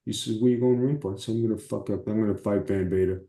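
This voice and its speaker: A man, a former wrestler, telling profane, animated stories as an interview guest. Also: on the low side, very fast, gravelly, echoey room. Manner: animated, profane storytelling with acted quotes. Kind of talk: casual storytelling.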